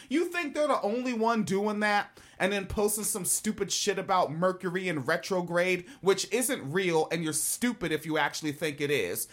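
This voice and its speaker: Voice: medium pitch, a bit bright. A host giving blunt, ranting reaction commentary, heavy on profanity and laughing asides.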